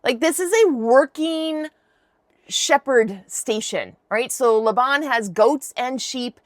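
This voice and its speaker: A woman's voice: sits high, slow, no echo, clean studio sound. A woman hosting a podcast, retelling a Bible story in a chatty, irreverent, slangy way. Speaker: podcast host.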